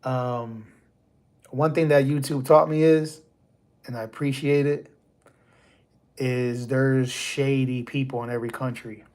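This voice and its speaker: Man, from the US, livestream host, casual rambling talk, lots of fillers, middle pitch. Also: steady tone, measured pace, long pauses, a little mellow. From USA. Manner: rambling, loose and conversational, many fillers. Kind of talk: casual live-stream chat.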